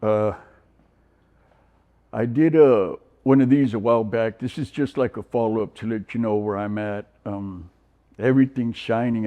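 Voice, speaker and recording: In dull audio, a recovery program resident in his sixties from San Diego, California, offers an interview testimonial in a lowish voice. He rambles, using many fillers and restarting often.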